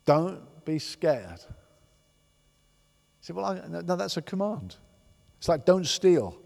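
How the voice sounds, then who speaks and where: A man preaching a sermon as a pastor, emphatic and animated, often repeating words for stress. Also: a little high, slow pace, gravelly. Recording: long hall reverb.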